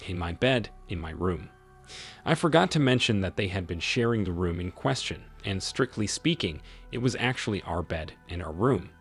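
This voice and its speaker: Husky, lively-voiced male storyteller. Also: lowish voice, normal speed, few pauses. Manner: dry, sarcastic storytelling. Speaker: narrator. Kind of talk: scripted narration. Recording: faint music underneath.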